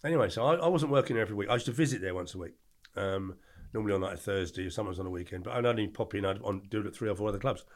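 Speaking very fast with few pauses, an older male podcast guest with a lowish voice spins casual stories. He wanders and is blunt, frequently breaking off to fix what he just said.

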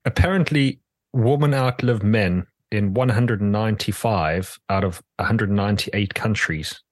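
A man's voice: fairly low pitch, unhurried, dry recording. A man co-hosting a podcast in casual chat, hesitant with many fillers and laughs. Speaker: podcast co-host.

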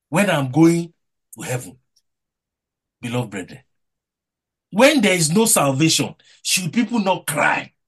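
A man's voice: a little high, fairly bright tone, husky. A man preaching a devotional sermon with emphatic delivery, his voice rising and falling between points.

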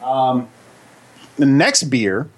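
A man's voice: mid-range voice, animated, very slow. A man co-hosting a casual beer tasting stream, teasing his co-host and slipping into a mock infomercial delivery. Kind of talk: casual joking beer review chat.

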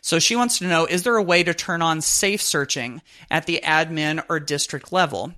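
A man hosting a podcast, reading a network plug and a listener's question in a brisk, announcer-like way. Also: on the high side, bright, forceful tone. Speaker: podcast host.

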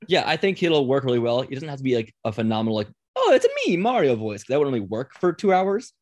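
A man's voice: medium pitch, lively intonation, fast, a little mellow, no room sound. A man hosting a casual podcast, chatty and rambling, often laughing. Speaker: podcast host.

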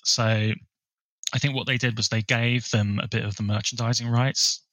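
A man co-hosting a podcast, chatting casually about a film and sharing bits of research in a relaxed way. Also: medium pitch, moderate pace, no room sound, poor audio. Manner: relaxed, shares researched trivia. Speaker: podcast co-host.

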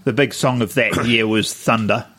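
A man's voice: lowish voice, steady tone, normal speed, a bit bright. A man, co-hosting a podcast in casual chat, laid-back as he brings up news stories. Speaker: podcast co-host.

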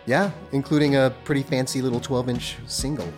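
A man's voice: medium pitch, steady tone, brisk, a little mellow. A man co-hosting a music podcast, making dry, knowledgeable asides. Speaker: podcast co-host. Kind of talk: casual music discussion.

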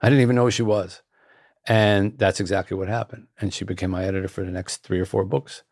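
Gravelly low-voiced man telling a story. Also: fairly even intonation, fast talker, a little mellow, dry recording, clean studio sound. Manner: earnest, repeats phrases. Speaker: author, guest. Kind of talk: anecdotal storytelling.

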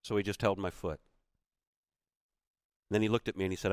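A motivational speaker delivers a keynote in a fairly low, smooth voice with fairly even intonation and a slightly quick pace. He tells a personal story with emphasis, repeating key phrases for weight. The recording is studio quality with no room sound.

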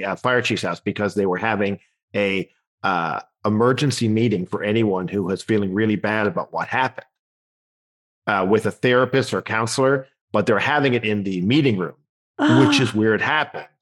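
A man's voice: lowish voice, normal speed. A man from Newfoundland, a comedian guest, telling a story in a casual chat and acting out the voices. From Newfoundland, Canada. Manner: animated anecdote telling, acts out voices.

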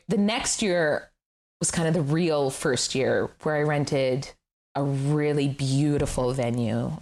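A middle-aged woman, a guest telling her story in an interview, candid and animated, laughing often and swearing casually. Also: low-pitched. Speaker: guest, furniture designer. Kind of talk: conversational interview.

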